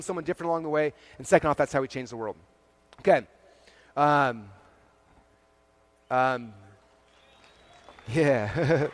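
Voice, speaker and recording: A middle-aged man giving an energetic motivational talk on stage to a live audience, conversational, full of fillers and quick check-ins with the crowd. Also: a little high. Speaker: keynote speaker at a marketing event.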